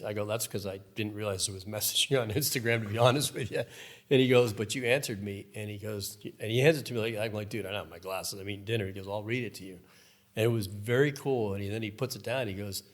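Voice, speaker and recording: A man in his fifties, a professional angler, telling stories in a casual podcast conversation and acting out the people in them. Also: fairly low pitch. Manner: storytelling, animated, acts out voices. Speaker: guest, professional fly fishing angler.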